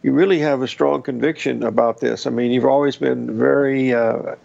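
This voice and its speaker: Gravelly guy hosting finance talk, slow fillers, muffled sound. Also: mid-range voice, fairly even intonation, darkish tone. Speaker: show host. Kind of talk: hosting a live finance show.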